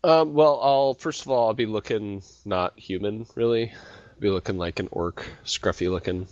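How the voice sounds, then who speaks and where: A man taking part in a tabletop role-playing game, relaxed and a bit hesitant, with frequent fillers. His voice is low-pitched. The sound is dry and close. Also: moderate pace, no room sound, muffled recording. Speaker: player. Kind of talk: casual tabletop role-play.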